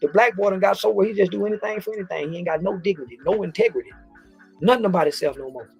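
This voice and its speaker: A man's voice: high-pitched, rapid-fire, gravelly, faint music behind. A man ranting in a preachy, sermon-like cadence, repeating his phrases, with slangy informal speech. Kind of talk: fast preachy rant.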